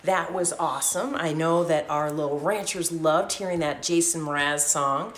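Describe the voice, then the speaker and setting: Cheery lower-voiced woman co-host. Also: normal speed. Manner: chatty, cheery asides and questions to young viewers. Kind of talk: children's livestream co-hosting. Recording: echoey room, faint background noise.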